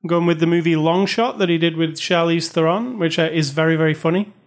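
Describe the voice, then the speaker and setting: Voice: mid-range voice, fast talker. Casual podcast co-host, easygoing, reviewing films. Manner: relaxed, reads reviews aloud, gives recommendations. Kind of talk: casual movie review chat.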